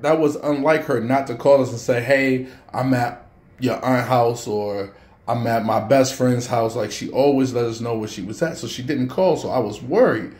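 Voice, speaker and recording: A man's voice: mid-range voice, darkish tone, reverberant. A man, telling a personal story and speaking to parents in a casual, earnest vlog. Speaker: vlogger.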